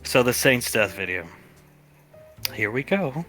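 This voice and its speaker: Bright-voiced man running a tabletop game. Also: medium pitch, faint music behind. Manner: relaxed storytelling with quick character asides and chuckles. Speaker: game master. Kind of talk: narrating a tabletop role-play on a livestream.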